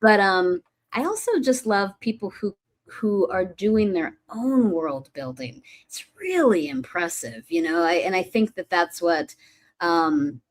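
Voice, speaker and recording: A woman's voice: on the low side, lively intonation, a little slow. A woman who mentions her acting teacher, a guest on a livestream, talking in an enthusiastic and gushing way. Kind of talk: casual chat.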